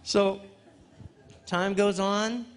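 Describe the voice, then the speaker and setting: A man preaching at a men's fellowship, telling a personal testimony in an animated storytelling way and acting out conversations. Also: sits high, extremely slow. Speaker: guest speaker at a men's fellowship. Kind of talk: testimony sermon.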